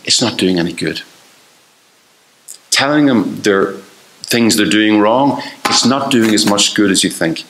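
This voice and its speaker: Irish male pastor, lowish voice, earnest conversational sermon, roomy church-hall echo. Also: expressive, a bit bright. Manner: earnest, conversational preaching with quick asides.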